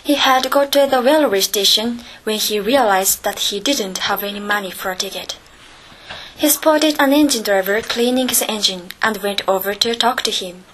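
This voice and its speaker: Husky-voiced woman reading a children's story. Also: medium pitch, normal speed, poor audio. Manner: expressive, gently paced narration.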